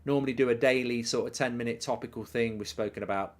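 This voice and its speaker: A man hosting a live football watchalong, rambling and self-mocking as he chats, often dropping into a quiet mumble. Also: mid-range voice, steady tone, fast. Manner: rambling, self-mocking, riffs on ideas and reads out viewer messages. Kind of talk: casual live commentary and chat reading.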